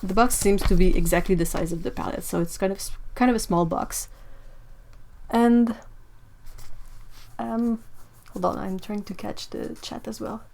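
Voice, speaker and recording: Excitable woman hosting a live art stream. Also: medium pitch, normal speed, gravelly. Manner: excitable, chatty, talks to live chat. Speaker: art channel host. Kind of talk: live-stream unboxing chat.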